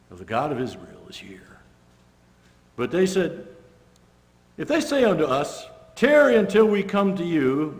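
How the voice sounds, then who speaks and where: Animated man preaching in a reverberant church. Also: fairly high pitch. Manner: animated storytelling, voicing characters, conversational asides. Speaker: pastor. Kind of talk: sermon. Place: church sanctuary. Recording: long church-hall reverb.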